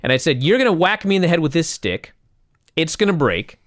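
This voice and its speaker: A man co-hosting a casual wrestling recap podcast, sarcastic and animated as he tells a long story. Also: on the high side, a little fast, no room sound, studio quality. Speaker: podcast co-host.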